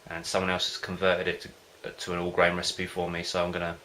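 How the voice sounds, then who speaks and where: Speaking fast in a low, steady voice that barely leaves a narrow range, a man with a bright, forward tone chats to camera about home brewing. He rambles and hesitates, losing his thread, and there's slight background noise.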